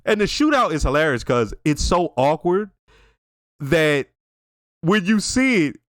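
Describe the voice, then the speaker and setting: A man's voice: fairly high pitch, a little slow, no room sound, studio quality. A man hosting a casual reaction and review, swearing freely and retelling scenes with exclamations. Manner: profane, animated storytelling with exclamations. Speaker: reaction video host.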